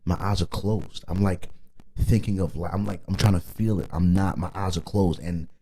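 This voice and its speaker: A man's voice: deep voice, steady tone, normal speed, warm tone, slightly rough, poor audio. A man with a Detroit accent hosting a podcast, talking casually and animatedly, swearing freely and repeating "you know what I mean.". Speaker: podcast host.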